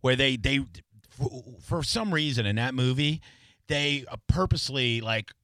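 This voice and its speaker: A man's voice: medium pitch, moderate pace, a bit bright, dry recording. Male radio host, casual and joking, Southern-raised. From the American South. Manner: joking, loose, does silly voices.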